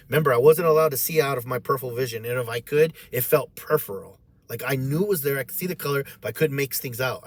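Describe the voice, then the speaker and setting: A man telling an emotional personal story, animated and repetitive, acting out the voices of others as he goes. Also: mid-range voice. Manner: emotional, repeats himself.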